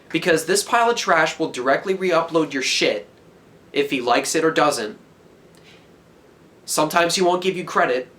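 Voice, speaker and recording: Angry teenage guy ranting, higher-pitched. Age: teens. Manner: heated, profane, yelling. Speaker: vlogger. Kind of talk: angry rant to camera.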